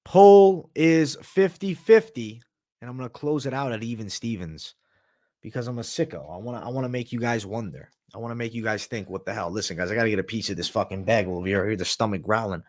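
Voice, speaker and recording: A fast-talking man with a voice on the low side hosts a live MMA stream as an analyst. Eating as he goes, sometimes with a full mouth, he reads viewer comments out loud and chats in a loose, slangy, profane way.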